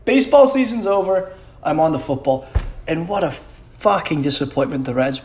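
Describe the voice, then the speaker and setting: A man's voice: a little high, sing-song, fast, darkish tone. A young man hosting a solo podcast, rambling in a profane, self-mocking way and laughing often. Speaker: podcast host.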